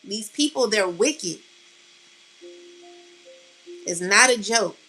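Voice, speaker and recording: A woman tarot reader, near tears, delivers an emotional spiritual monologue to her viewers, passionate and blunt, swearing freely and calling them "collective" and "baby". Her medium-pitched voice is expressive, slow, and sharp in tone. The recording is low quality, with faint music in the background.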